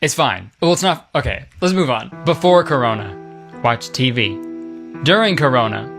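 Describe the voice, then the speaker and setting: A man's voice: mid-range voice, animated, moderate pace, fairly bright tone. Young male host, sarcastic and crude, over background music. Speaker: comedy commentary host. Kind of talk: comedic internet commentary.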